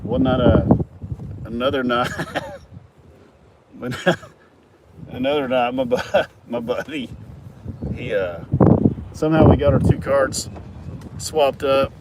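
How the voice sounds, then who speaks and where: A middle-aged man spins a loose, profane yarn, rambling and chuckling through it at an ordinary pitch. He is recorded outdoors at a work site, with vehicles and traffic clearly audible behind him. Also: slow pace, long pauses. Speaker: farm worker telling stories. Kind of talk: casual storytelling. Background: vehicle and outdoor noise.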